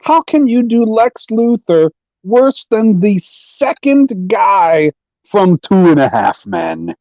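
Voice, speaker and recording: Male co-host, excitable and profane, very lively intonation, slightly muffled audio. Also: sits high, slow, no echo. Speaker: live stream co-host. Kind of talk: casual pop culture chat.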